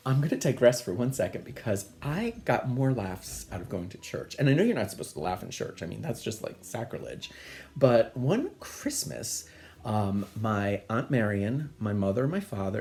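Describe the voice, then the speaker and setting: A man's voice: lowish voice, darkish tone. A man telling a personal childhood story in a casual, chatty, digressive way. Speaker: storyteller, host.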